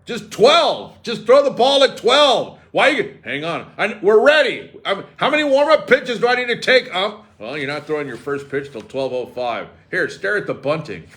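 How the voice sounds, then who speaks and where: A man hosts a sports radio show with a fairly high voice, a moderate pace and few pauses. He riffs, cracks sarcastic jokes and keeps the banter casual and animated.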